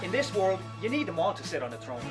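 A pompous boxing trainer making a melodramatic speech, as a performer acts him out. His pitch rises and falls dramatically over loud music in this comedy sketch. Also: sing-song, quick pace, lightly acted.

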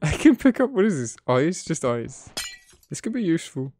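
A young man giving casual gameplay commentary, excitable and swearing often, chatting to his in-game animals. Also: fairly high pitch, moderate pace, a little hiss or hum. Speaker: gaming video creator. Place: home editing room.

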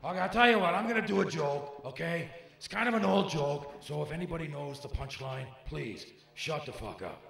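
A man impersonating a famous gruff film actor as a short-tempered, swearing stand-up comic in a live club set. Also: on the high side, expressive, fairly quick, hardly any pauses, a bit bright, recorded from a distance. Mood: snarling. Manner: abrasive, heckler-baiting, swears a lot. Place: comedy club stage. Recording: echoey club with live crowd.

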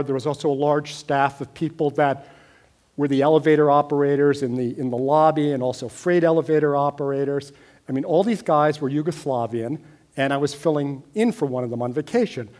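Wry middle-aged man telling a story. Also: a little high. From United States. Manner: wry, deadpan storyteller, building to animated moments. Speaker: speaker telling a personal story on stage. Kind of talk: storytelling talk.

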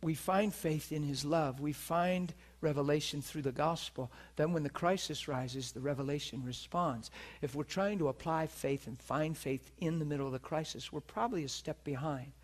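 A man preaching a sermon, telling a personal story with animated delivery and laughter. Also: fairly high pitch, normal speed, few pauses. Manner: animated, laughs at his own story, acts out the people in it. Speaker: preacher teaching on divine healing. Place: teaching session before a listening audience.

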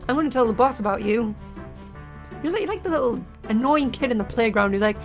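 A woman with a slightly high voice talks through a game she is playing, excitable and quick to shout and laugh at what happens on screen. She speaks close into a desk microphone at her computer. Faint game music plays underneath her voice. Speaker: let's play host. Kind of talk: gameplay commentary.

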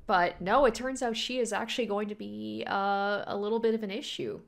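Animated woman gushing over an anime. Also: mid-range voice, a little fast, creaky. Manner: animated, gushing, laughs often. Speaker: anime reaction host. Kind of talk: casual reaction commentary.

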